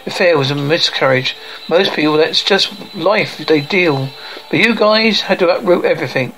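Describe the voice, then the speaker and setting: A man's voice: fairly high pitch, normal speed, fairly bright tone, rough recording. A man voicing a sullen teenage girl. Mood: resentful. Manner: scornful, accusing.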